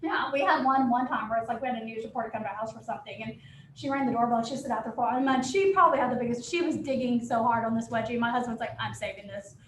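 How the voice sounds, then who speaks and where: Chatty high-voiced woman, echoey room. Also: very fast, background noise. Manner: chatty, candid, quotes people in lively asides. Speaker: real estate agent. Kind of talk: casual panel talk.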